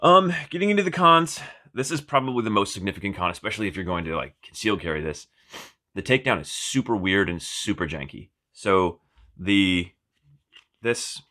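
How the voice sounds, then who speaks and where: A man's voice: low-pitched, pushed and bright. A man giving a casual, rambling product review, full of fillers, restarts and wry asides. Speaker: firearms reviewer.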